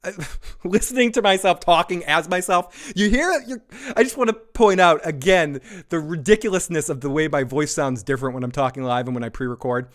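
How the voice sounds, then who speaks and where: A man's voice: on the high side, fairly quick, a bit bright. A tipsy man hosting a live stream, rambling and swearing freely while he mocks himself. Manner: rambling, profane, self-mocking. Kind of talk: casual live-stream commentary.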